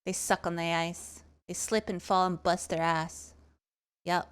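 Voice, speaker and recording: A woman's voice: on the low side, steady tone, a little slow, smooth. A woman streamer chatting casually with her viewers while gaming, teasing and cursing freely.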